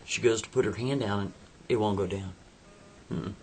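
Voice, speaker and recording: A man's voice: on the low side, fairly even intonation, moderate pace, a little mellow, a little hiss or hum. A man casually retelling a story, loose and conversational.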